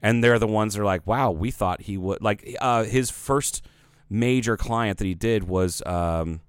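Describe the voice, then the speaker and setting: Deep, smooth-voiced rambling man. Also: unhurried, no echo, clean studio sound. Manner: rambling, profane, heavy filler words. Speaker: podcast co-host. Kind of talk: casual chat.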